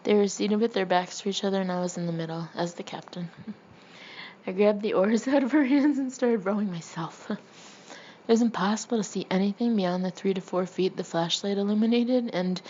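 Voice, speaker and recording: With a brisk, slightly mellow mid-range voice, a woman reads her comic memoir and keeps laughing as she goes. Faint background hiss runs under the slightly dull lo-fi recording.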